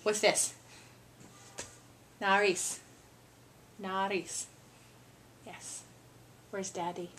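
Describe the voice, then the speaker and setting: A woman's voice: medium pitch, flat delivery, extremely slow, long pauses, a bit bright, a little hiss or hum. A mother talking in playful, coaxing baby talk with her toddler, often laughing. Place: family home.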